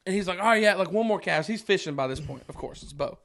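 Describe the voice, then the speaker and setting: Man, high-pitched voice, podcast guest, casual storytelling, acts out quoted lines, laughs often. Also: expressive, quick pace, creaky, a bit bright.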